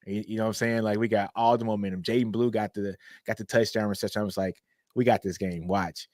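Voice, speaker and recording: A man co-hosting a casual sports talk show, animated and repetitive, leaning on stock phrases. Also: on the low side, fast, no room sound, clean studio sound. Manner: animated, repeats "you know what I'm saying". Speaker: co-host.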